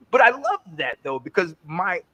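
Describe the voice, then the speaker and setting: A man in his forties from North Carolina tells animated sports stories in a slightly high voice. He co-hosts a podcast in a loose, casual chat, often stumbling over and repeating words. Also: unhurried. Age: 40s. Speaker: podcast co-host.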